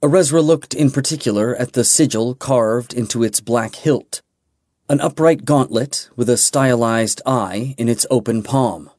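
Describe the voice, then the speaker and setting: A man narrating a fantasy novel in a measured, deliberate way. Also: mid-range voice, darkish tone, dry recording, studio quality. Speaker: audiobook narrator.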